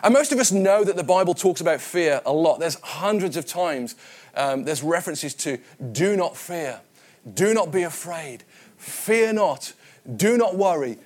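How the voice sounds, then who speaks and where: A man from the West Midlands preaching a sermon, telling personal stories in a conversational way and often repeating his words. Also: fairly high pitch. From West Midlands, England. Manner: conversational and anecdotal, with frequent repetitions.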